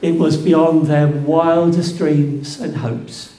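A man preaching a sermon, slow and emphatic, building to fervent peaks. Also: a little high, flat delivery, dark tone. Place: church. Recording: echoey church room.

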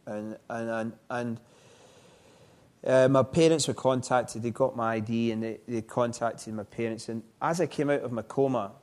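A middle-aged man, telling his life story in an interview, halting and reflective with frequent restarts. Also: mid-range voice, fairly even intonation, a little mellow. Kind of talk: personal testimony in an interview.

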